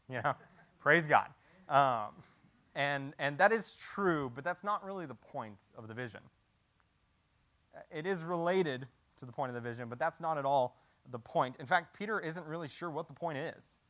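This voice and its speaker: A man preaches in a loose, conversational way, breaking off to repeat words and to ask rhetorical questions. His voice sits slightly higher than most men's. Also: a little slow, fairly bright tone. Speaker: pastor. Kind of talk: sermon.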